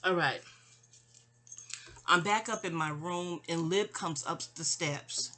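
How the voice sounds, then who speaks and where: Rambling bright-voiced New woman. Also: lowish voice, slow. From New York City. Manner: digressive, self-interrupting, sighing asides. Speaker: memoir narrator. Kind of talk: rambling personal storytelling.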